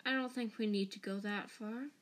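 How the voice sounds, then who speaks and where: A woman voicing a cold, spiteful male professor in a fan audiobook reading, with slow, soft, silky menace. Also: medium pitch, steady tone, close to an everyday voice. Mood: menacing.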